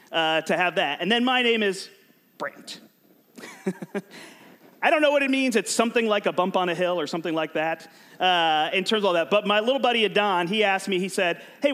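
A man giving an energetic, joking sermon as a youth pastor, urging his audience to join in and shout out answers. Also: high-pitched. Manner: animated and joking, prompts the crowd to shout answers.

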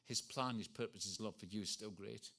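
A man's voice: on the low side, brisk, vocal fry, bright, forceful tone. A Scottish man in his sixties preaching a sermon, earnest and storytelling with self-deprecating humour. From Scotland. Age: 60s.

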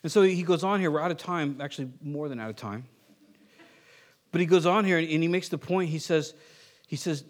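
A man preaching a sermon as pastor, conversational and animated, with many asides and acted quotes, often dropping to a quieter, earnest tone. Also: fairly high pitch, a little fast, pauses often.

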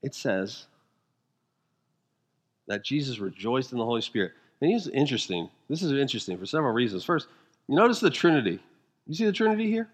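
A man preaching a sermon as pastor, emphatic and full of rhetorical questions, moving between quiet intensity and rising fervor. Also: mid-range voice, sing-song, a little fast, long pauses.

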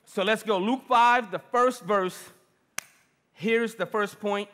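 Middle-aged pastor preaching, high bright voice, big echoey hall. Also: male voice, slow. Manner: lively, preachy and personal, calls on the congregation. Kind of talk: sermon. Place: large church hall. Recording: long reverb of a big hall.

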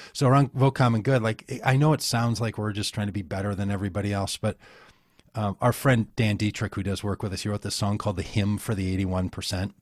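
A man's voice: on the low side, no room sound, clean studio sound. A man, a pastor and interview guest, talking in a rambling, folksy, self-interrupting way. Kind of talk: casual conversation.

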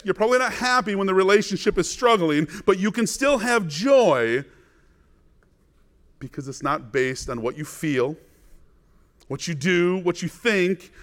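A man with a notably high voice delivers a sermon. He preaches earnestly and with emphasis, often turning to the listeners with questions. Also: normal speed, a bit bright. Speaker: pastor.

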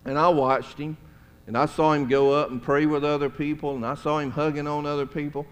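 A little high and a little fast, with little pitch movement, this middle-aged man preaches as pastor, telling stories in a folksy, conversational manner with chuckling asides. The sermon takes place in a church sanctuary and carries long hall reverb.

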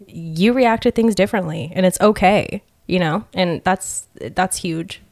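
A woman's voice: on the low side, a little slow, a little mellow. A young adult woman chatting openly on a podcast and laughing often. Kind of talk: casual podcast chat.

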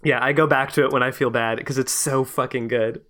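A man's voice: medium pitch, steady tone, a little fast, bright, forceful tone. A man from Canada with a Canadian accent, co-hosting a podcast in a rambling casual chat full of fillers and restarts. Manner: rambling, many fillers and restarts, easily amused. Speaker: podcast co-host.

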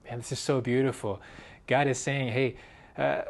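A man preaching a sermon in an earnest way, swinging from loud emphasis to hushed, quiet phrases. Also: medium pitch, fairly even intonation, normal speed, vocal fry. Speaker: pastor.

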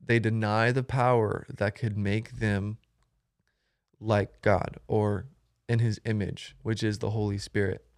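A man's voice: on the low side, flat delivery, slow pace, vocal fry, no room sound, clean studio sound. A young man, a guest on a podcast, talking casually and rambling with many ums and restarts. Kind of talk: casual conversation.

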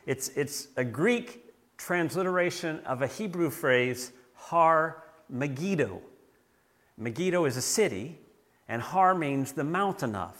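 A man's voice: a little high, fairly bright tone. A man from the southern United States preaching a sermon, earnest and often restarting with repeated words. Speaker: pastor.

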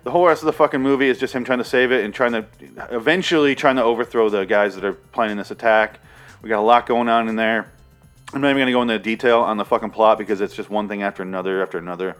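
A man's voice: on the low side, steady tone, fast, fairly bright tone, faint music behind. Rambling, swearing man reviewing a movie. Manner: rambling, sarcastic, swears a lot. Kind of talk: casual profane movie review.

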